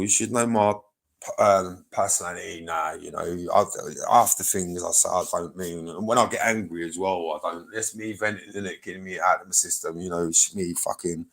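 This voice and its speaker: A man's voice: sits low, vocal fry. A man, chatting loosely on his own livestream, rambling, swearing and answering his chat.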